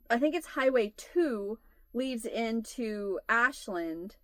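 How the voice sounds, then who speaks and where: In a dry recording, a channel host from the United States, a woman in her forties, speaks slowly but animatedly in a fairly high voice. She's chatting casually with viewers, laughing through a long, funny story about her family.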